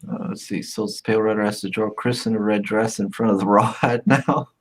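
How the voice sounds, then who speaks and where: A man's voice: fairly low pitch, steady tone, fairly quick, a little hiss or hum. A man hosting a stream, laughing easily as he reads viewer comments aloud. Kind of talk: reading chat on a stream.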